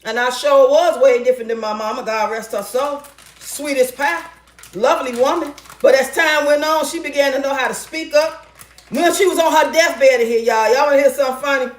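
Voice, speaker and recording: Loud, blunt, high-voiced woman. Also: fairly quick, echoey room. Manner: loud, blunt and profane, with bursts of laughter. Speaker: relationship advice vlogger. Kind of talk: casual storytelling chat.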